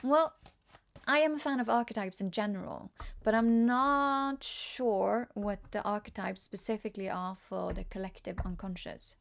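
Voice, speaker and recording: A woman's voice: medium pitch, normal speed, gravelly. A chatty woman from Norway with a Norwegian accent, giving a casual live-stream tarot reading and often laughing while she answers chat comments. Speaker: tarot reader.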